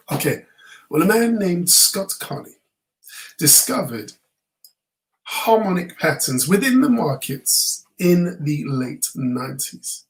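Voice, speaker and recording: A man teaching a live online class, sounding a little tired. He explains step by step in a relaxed way. He often stops with ums and starts his sentences over. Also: on the high side, takes it slowly, long pauses, low-quality recording. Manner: relaxed, explanatory, many fillers and restarts. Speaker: trading course instructor.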